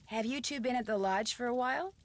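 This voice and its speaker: A woman's voice: on the high side, fast talker, natural voice. An actress voicing a polite, curious young woman detective in a video game.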